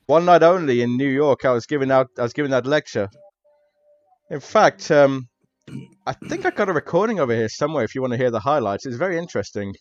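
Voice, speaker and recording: A man's voice: mid-range voice, expressive, fast talker, highs cut off, close to an everyday voice. A man voicing a jovial, hearty male professor in a tabletop game, chummy and familiar.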